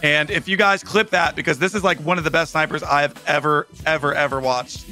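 Bright, high-voiced joking man teammate. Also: fairly even intonation, fairly quick, soft background music. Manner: joking, profane, blunt. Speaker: streamer's teammate. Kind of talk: casual gaming voice chat.

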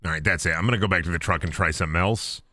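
A man's voice: sits low, very fast, bright, forceful tone, dry recording, studio quality. A young man streaming a ghost-hunting game, joking and swearing as he plays and slipping into silly put-on voices. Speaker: gaming streamer. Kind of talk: casual live-stream commentary while playing.

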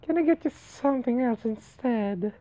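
A man voicing a meek, creepy old widow in a thin falsetto, playing along with a game's dialogue. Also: animated, normal speed, mellow, poor audio. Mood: sweetly polite. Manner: pleading, politely sweet.

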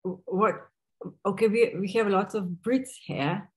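A woman hosts an online talk and speaks slowly. She asks her questions in a halting way, often stopping to restart. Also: mid-range voice, poor audio. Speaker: moderator.

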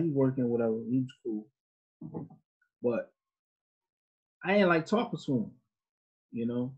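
A man with a slightly rough mid-range voice teaches an informal Sunday school class, talking conversationally and putting questions to his students. The lo-fi recording sounds dull.

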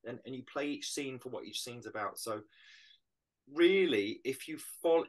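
A middle-aged British actor, appearing as a guest in a casual video-call interview, discusses his craft in an animated yet reflective way and explains things through images. He speaks British English in a medium-pitched voice.

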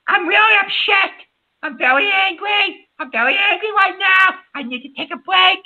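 Man voicing a very high-pitched, furious call-in host; quick to insult callers. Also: expressive, bright, forceful tone, heavily acted. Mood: upset. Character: hot-tempered older male radio host. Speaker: radio show host. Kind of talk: comedic call-in radio bit. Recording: lo-fi muffled audio.

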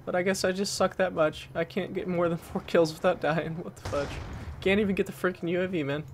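A man commenting on his own gameplay, excitable, dropping from low mutters to sudden loud yelps and swapping curses for mild words. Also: fairly quick. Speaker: gaming commentator. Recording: game gunfire and noise behind the voice.

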